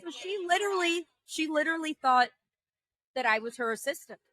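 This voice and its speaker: A woman co-host in casual chat, her voice bright and fairly high, dry with no room sound. She is jet-lagged and tells stories in a lively, profane way. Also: a little fast, dry recording. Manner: chatty storyteller, animated and profane. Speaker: podcast co-host. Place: indoors at a table.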